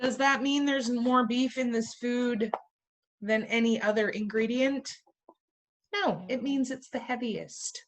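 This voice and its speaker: A woman's voice: a little high, slow pace. A woman teaching a class in a playful way, firing questions at her students and tossing in jokey asides. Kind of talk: classroom lecture.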